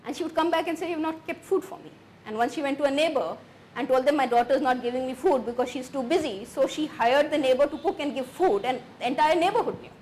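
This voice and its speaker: A woman's voice: high voice, fast talker, a little hiss or hum. A woman telling her own story of caring for a mother with dementia, earnestly quoting the people around her. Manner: earnest, quotes others in lively voices. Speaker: caregiver speaking on a recorded clip. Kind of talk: personal story of caregiving.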